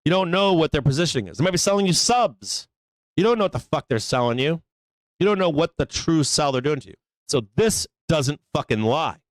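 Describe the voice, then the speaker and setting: A man hosts a live stock market show, giving casual, rambling trading commentary that's blunt, emphatic and full of swearing. His fairly high voice is very animated and brisk, with no echo.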